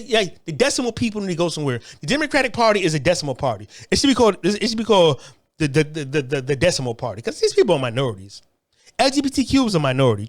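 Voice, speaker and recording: A man in the middle of a fired-up political monologue. His voice sits high and swings widely, and he curses freely. He keeps stumbling into restarts as he talks. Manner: heated, profane, repetitive restarts. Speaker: online commentator.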